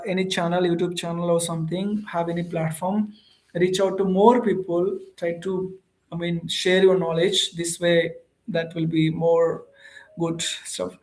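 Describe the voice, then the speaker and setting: An English teacher with an Indian accent hosts a relaxed live stream and chats directly with viewers. The voice sits in a middle pitch, and the delivery is animated and conversational, with frequent pauses and "uh" fillers. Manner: chatty and animated, reads and answers viewer comments, frequent "uh" fillers.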